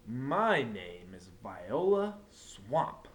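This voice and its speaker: A man's voice: medium pitch, very animated, extremely slow. Viola Swamp, a scratchy stern teacher, voiced by a man. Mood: stern, menacing. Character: strict scary witch-like woman teacher.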